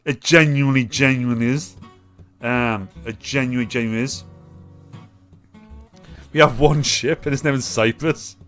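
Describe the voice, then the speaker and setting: A man's voice: mid-range voice, steady tone, moderate pace, pauses often, fairly bright tone, faint music behind. A young man from England hosting a live stream, ranting casually with lots of swearing and reading out chat comments. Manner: swearing, rambling, reads chat comments aloud. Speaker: livestream host.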